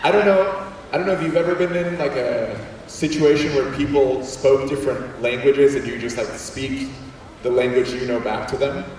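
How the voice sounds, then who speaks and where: A young man from Puerto Rico, whose first language is Spanish, giving an animated comic story talk to a school assembly. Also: medium pitch, normal speed. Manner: animated, jokey, quotes people in voices. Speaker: guest speaker. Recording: echoey hall, distant mic, faint room noise.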